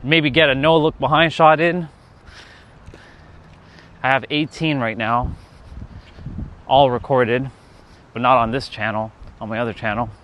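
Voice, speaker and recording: A man's voice: medium pitch, steady tone, a little slow, long pauses, fairly bright tone. A man chatting casually on a live stream outdoors, rambling with lots of fillers and laughing at himself. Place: outdoors near a park.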